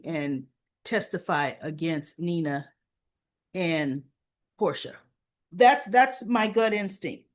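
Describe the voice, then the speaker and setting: A woman hosting a soap opera recap channel, talking casually and colloquially, acting out the characters' lines as she retells the scenes. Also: lowish voice. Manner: chatty, colloquial, acts out the dialogue.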